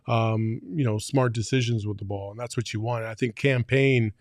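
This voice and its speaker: A man co-hosting a casual sports talk show, speaking in halting bursts with frequent restarts. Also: mid-range voice, steady tone, dry recording, studio quality. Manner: halting, restarts often, laughs easily. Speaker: co-host.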